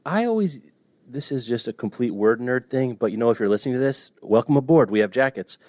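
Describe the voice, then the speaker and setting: A man's voice: mid-range voice, expressive, brisk, a little mellow, no room sound. A man co-hosting a podcast about books, chatting casually and joking at his own stumbles over names. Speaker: podcast co-host. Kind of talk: casual chat.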